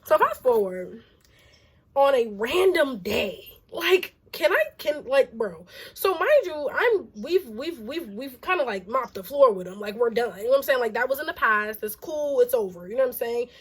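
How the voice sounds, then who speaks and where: A young adult woman vlogger telling a casual storytime, animated and exasperated, with lots of "like" fillers. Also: sits high, moderate pace, husky. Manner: animated and exasperated, heavy use of "like".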